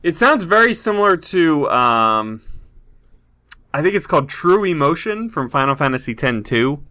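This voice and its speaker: A man co-hosting a podcast in casual chat, animated and fond of elaborate jokes. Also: a little high, normal speed. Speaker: podcast co-host.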